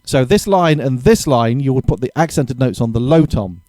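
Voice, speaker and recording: A man's voice: medium pitch, lively intonation, moderate pace, dark tone, no room sound. A man giving a casual drum lesson, thinking aloud and correcting himself as he explains exercises. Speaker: drum teacher.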